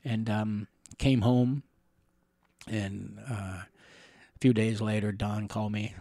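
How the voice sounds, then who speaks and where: A middle-aged man from the Catawba Nation telling personal stories in an interview, rambling gently with chuckles and fillers. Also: on the low side, steady tone, measured pace, vocal fry, no room sound, studio quality. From Catawba Nation, Carolinas, USA.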